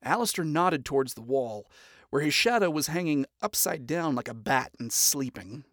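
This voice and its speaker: A narrator reading fan fiction aloud in an expressive, storytelling manner. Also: mid-range voice, moderate pace, no echo, clean studio sound.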